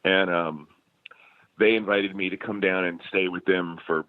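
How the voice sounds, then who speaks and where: A man from the United States, a musician guest in a casual interview, tells stories with animation, laughs often, and restarts his sentences many times. His voice is low-pitched and unhurried. The recording is dry, over a tinny phone line.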